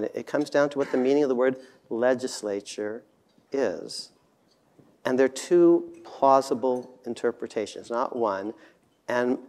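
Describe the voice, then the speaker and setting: Male debate speaker, halting delivery, wry self-deprecating humor, firm and dismissive. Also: medium pitch, a little mellow. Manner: dismissive confident emphasis. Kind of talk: debate speech.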